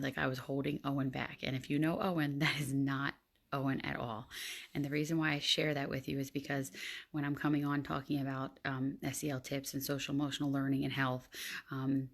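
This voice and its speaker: Low-voiced chatty woman teacher. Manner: chatty, many fillers. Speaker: teacher and parent. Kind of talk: casual vlog talk.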